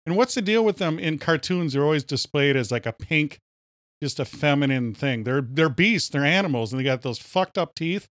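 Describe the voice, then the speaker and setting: Ranting jokey man, slightly high voice. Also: lively intonation, moderate pace, fairly bright tone, no room sound, studio quality. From Minnesota. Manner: ranting, jokey, says "powerful" often. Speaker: podcast co-host. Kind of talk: casual podcast banter.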